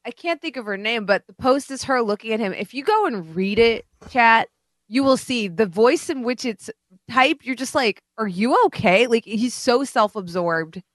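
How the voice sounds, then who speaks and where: Brief: woman podcast co-host, slightly high voice, sarcastic casual chat, dry sound. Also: lively intonation, normal speed, dry recording. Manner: blunt, sarcastic, says "like" often.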